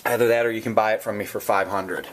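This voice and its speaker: In an unscripted, chatty vlog, a Minnesota-accented collector shows items and puts prices on them, rambling with frequent fillers and self-corrections and occasionally griping and cursing mildly. He speaks quickly in a lowish voice with fairly even intonation, over slight background noise.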